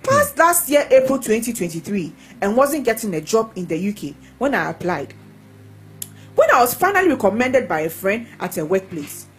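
A woman reading testimonies aloud in a lively, expressive way. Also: fairly high pitch, poor audio.

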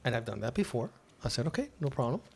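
A man's voice: mid-range voice, fast talker, creaky, breathy edge. Podcast host guy telling a bar story, casual chat, acts out all the quotes. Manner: animated, acts out quotes of himself and others.

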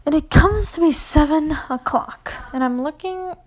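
A woman's voice: sits high, moderate pace, darkish tone. A young adult woman telling a casual story, rambling and swearing, full of "like", often dropping to a whisper.

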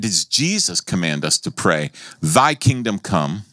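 An American man preaching a sermon as pastor, telling a story with laughs and sudden high-pitched exclamations. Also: big pitch swings, a little slow, a bit bright, no echo.

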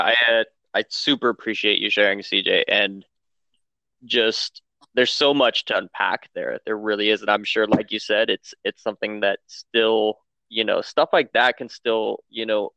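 A man's voice: lowish voice, creaky, bright, forceful tone, dry recording. A man hosting an interview, answering a guest with searching, repeated words. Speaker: host. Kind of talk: podcast interview. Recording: muffled lo-fi sound.

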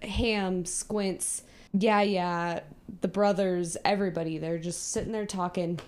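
A woman's voice: lowish voice, steady tone, measured pace. A woman co-hosting a podcast, chatting casually and animatedly, laughing, swearing and acting out scenes in quoted voices. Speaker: podcast co-host. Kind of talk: casual chat recapping a movie.

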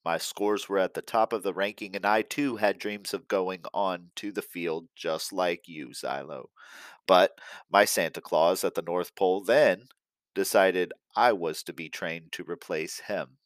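Booming old Santa, read by a man, low voice, dry close sound. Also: a little slow, no echo. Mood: solemn. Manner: booming, commanding.

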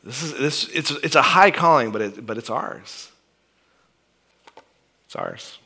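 A male pastor preaching a sermon in a conversational, animated way, often asking "right?" and restarting his phrases. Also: mid-range voice, measured pace, creaky, slightly rough.

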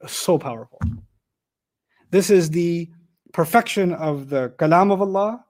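High-voiced man teaching Quran commentary. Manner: animated, rhetorical questions, recites Arabic verses. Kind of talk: tafsir lecture.

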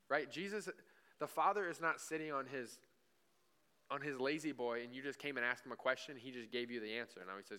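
A man's voice: medium pitch, brisk, pushed and bright, clear, resonant tone. A male pastor preaching a sermon in a church, in a conversational way, with frequent "right?" asides and short acted-out bits of imagined dialogue. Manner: acts out imagined dialogue with God.

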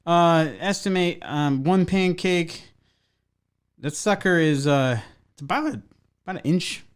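A man's voice: on the high side, measured pace, smooth. Crude joking man hosting a podcast. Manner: crude, joking, swears freely. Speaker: podcast co-host. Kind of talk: casual chat.

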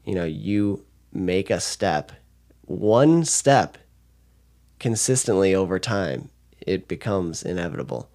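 A man's voice: deep voice, a little mellow. A young man hosting a podcast, affectionate and reflective, and he laughs easily. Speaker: podcast host. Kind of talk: casual chat.

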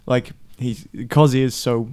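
A man's voice: mid-range voice, fairly even intonation, a little slow, a little mellow, clean tone. A man co-hosting a podcast, chatting in a rambling way full of fillers. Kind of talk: casual chat.

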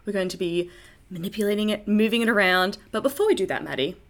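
A young woman co-hosting a podcast, chatty with quick asides in casual conversation. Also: medium pitch. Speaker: podcast co-host. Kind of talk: casual chat.

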